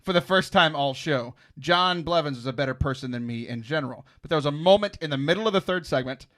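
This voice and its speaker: A man with a slightly high, bright voice hosts a chatty podcast. His pitch swings widely as he tells stories, laughing often and leaping into loud, high exclamations. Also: lively intonation, fast. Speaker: podcast host. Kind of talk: casual chat.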